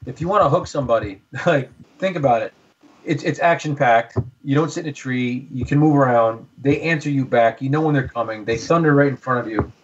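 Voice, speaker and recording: A man's voice: medium pitch, brisk. A middle-aged man, a guest on a hunting podcast, telling stories with enthusiasm and many restarts. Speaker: guest, hunter. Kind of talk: casual storytelling. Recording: dull lo-fi sound.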